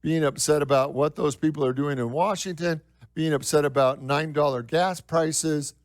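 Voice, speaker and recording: A male minister preaches to his congregation in an easy, conversational way, piling up repeated phrases and rhetorical questions, then slowing right down on the lines that matter. His voice sits a little high for a man. The sound is dry and close, with almost no room around it. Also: no echo. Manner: repeats phrases for emphasis, slows down for key lines. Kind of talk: sermon. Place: church.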